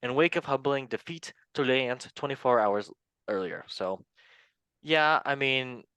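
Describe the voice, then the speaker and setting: A man's voice: mid-range voice, measured pace, bright, forceful tone, smooth, no room sound. Dry-voiced joking man hosting football talk. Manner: joking, rambling, self-mocking asides. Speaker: show host. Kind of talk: casual football news chat.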